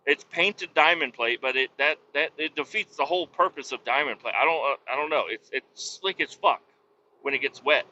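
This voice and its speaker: Profane, exasperated bright-voiced man. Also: on the high side, normal speed. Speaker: podcast host and vac truck operator. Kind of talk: casual storytelling. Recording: dull lo-fi sound with faint noise.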